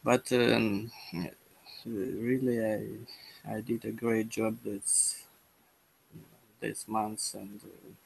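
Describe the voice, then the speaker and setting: A young man with a Russian accent, a language student chatting in a lesson, halting with many restarts and repeated words. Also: fairly low pitch, flat delivery, gravelly, slight background noise, low-quality recording. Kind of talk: casual conversation lesson.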